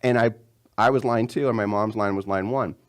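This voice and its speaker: A man's voice: brisk, clean tone. A man in his thirties, a comedian guest telling a story in casual chat and acting out the quotes. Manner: animated storyteller, acts out quotes in a higher voice.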